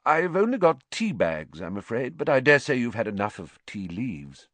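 A man voicing a calm, kindly teacher who talks in a gentle, thoughtful way. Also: mid-range voice, normal speed, no room sound, pitched above the performer's own voice. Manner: gentle, thoughtful, lightly amused.

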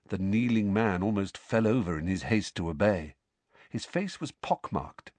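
A man reads a story aloud with a lively, expressive rise and fall, steady and measured. The sound is dry and close, with no room around it. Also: lowish voice, no echo. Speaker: audiobook narrator. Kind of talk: storybook narration.

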